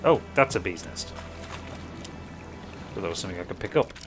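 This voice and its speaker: A man's voice: deep voice, lively intonation, a little fast. A man giving casual, rambling, self-mocking commentary while playing a video game. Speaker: gaming YouTuber. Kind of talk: casual let's-play commentary. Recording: commentary over game music.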